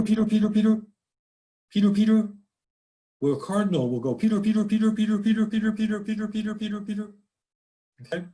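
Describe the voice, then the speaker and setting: Speaking with a New England accent, this man chats his way through an informal nature slide presentation, folksy and prone to restarts, now and then imitating a bird's call. He has a slightly high voice with a darkish tone, and the recording is rough.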